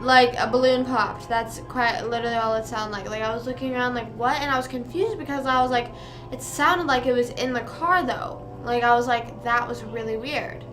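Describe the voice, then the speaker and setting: A woman's voice: fairly high pitch, normal speed, over music. A young woman streamer casually telling a story, rambling with lots of fillers and casual swearing.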